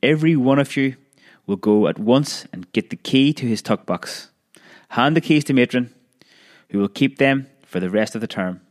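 A man's voice: mid-range voice, animated, normal speed, natural voice. A man voicing an angry, stern boarding-school headmaster laying down a punishment. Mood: thundering. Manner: thundering, stern.

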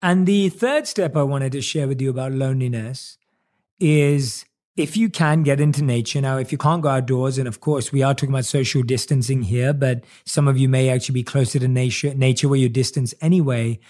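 A man giving an earnest motivational talk, stacking rhetorical questions and slowing down on key words. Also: medium pitch, steady tone, darkish tone. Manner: earnest, repetitive rhetorical questions, speeds up and slows for emphasis. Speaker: motivational speaker.

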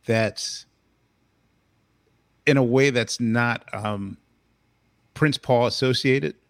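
Halting man in a dry room. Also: mid-range voice, vocal fry, fairly bright tone, no echo. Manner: halting, many restarts, enthusiastic. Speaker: host. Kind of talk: casual interview talk.

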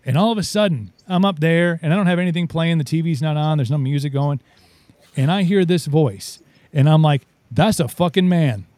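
A man chatting casually as a talk show host, telling stories in an animated way and acting out the quotes. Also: on the high side, brisk, dry recording. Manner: animated storyteller, acts out quotes. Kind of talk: casual chat.

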